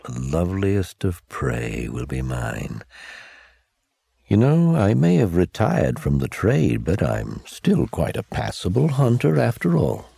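A man's voice: low-pitched, huge pitch swings, takes it slowly, dark tone, no room sound, heavily acted. A man voicing the gloating inner thoughts of a predatory wolfman hunter. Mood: scheming. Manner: gloating, gravelly.

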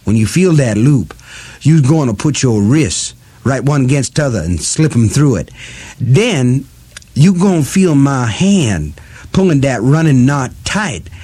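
A man's voice: medium pitch, very animated, a little slow, mellow, slightly rough, voice pushed up. A man voicing a cruel, cackling woman captor who taunts and croons her threats in an audiobook. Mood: threatening. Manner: mocking drawl, crooning threats. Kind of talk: audiobook character voice.

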